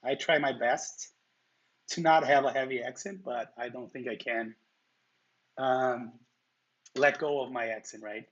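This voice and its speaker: A man's voice: medium pitch, fairly even intonation, a little slow, pauses often, fairly bright tone, lo-fi sound. A man from Brazil with a heavy Brazilian Portuguese accent, hosting a livestream and chatting casually, answering viewers' comments. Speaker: livestream host.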